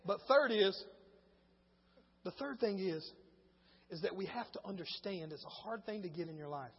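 A man preaching in a church with a very high, husky voice. He drops to quiet storytelling, then rises to shouted exhortation. The sound is dull and carries a long hall echo. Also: expressive, normal speed. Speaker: pastor. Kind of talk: sermon.

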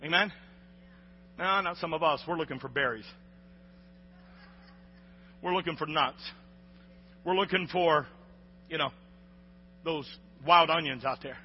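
A man preaching a sermon to a congregation, calling for responses and shouting at the peaks. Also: on the high side, a little slow, long pauses, a little hiss or hum. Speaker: pastor. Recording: lo-fi recording with long hall reverb.

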